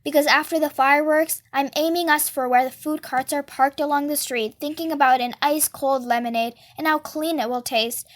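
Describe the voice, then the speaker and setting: A woman reading a novel aloud in a lively first-person narration. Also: high voice, fairly quick, few pauses. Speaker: storybook reader.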